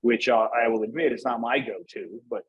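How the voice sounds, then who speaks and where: A man's voice: mid-range voice, brisk, dull audio, a little hiss or hum. A man from Northeast Pennsylvania, a guest on an interview, chatting in an easygoing, rambling way. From Northeast Pennsylvania, USA. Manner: easygoing, rambling, lots of "like" and restarts. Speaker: guest, cigar brand manager. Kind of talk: casual interview chat.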